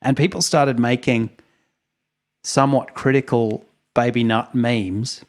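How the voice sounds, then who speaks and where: A man's voice: mid-range voice, fairly even intonation, measured pace. A man, co-hosting a podcast, retelling events in a rambling, wry way with chuckles. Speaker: podcast co-host. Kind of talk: casual storytelling chat.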